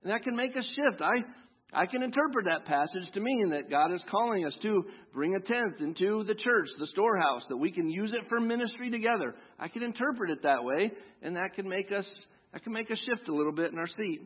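A man preaching in a church with a high, husky voice, chatting with his congregation and throwing in quick tag questions. He slows down to read each scripture verse. The recording is dull and lo-fi. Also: lively intonation. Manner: reads scripture slowly and deliberately. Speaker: pastor. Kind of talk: sermon. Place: church sanctuary.

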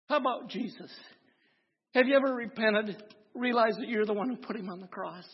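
A man's high-sitting voice with a breathy edge runs a little fast in this sermon. He's a Wisconsin pastor, folksy and full of humor, who tells stories and preaches with growing force. The lo-fi recording sounds dull and has long hall reverb.

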